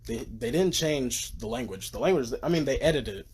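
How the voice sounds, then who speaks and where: A man's voice: medium pitch, expressive, a little fast, slightly rough. A sleep-deprived man livestreaming from a room at home on his phone, gushing and rambling about movies and swearing freely. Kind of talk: casual livestream rant.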